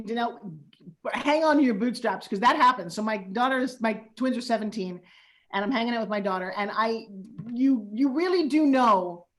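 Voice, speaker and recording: A woman in her fifties hosting a casual chat, telling animated parenting stories and acting out quotes. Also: fairly high pitch. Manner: animated storyteller who acts out quotes. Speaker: host.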